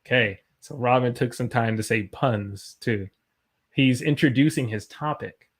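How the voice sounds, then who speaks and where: A young American man hosts a live-streamed English lesson, full of energy. His voice leaps upward when he gets excited, then drops back to a relaxed lower register. The pitch moves a lot. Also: normal speed, slightly rough.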